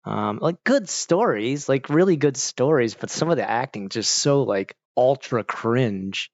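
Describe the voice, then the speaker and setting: A man's voice: mid-range voice, animated, unhurried, dry recording. Rambling man on a dull lo-fi mic. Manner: rambling, heavy on "like", laughs often. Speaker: streamer chatting with viewers. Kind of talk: casual chat.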